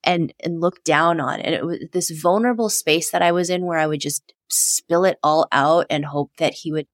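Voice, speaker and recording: A woman in a reflective conversation, speaking in a soft, heartfelt, thoughtful way. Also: sits low, normal speed, dry recording, clean studio sound.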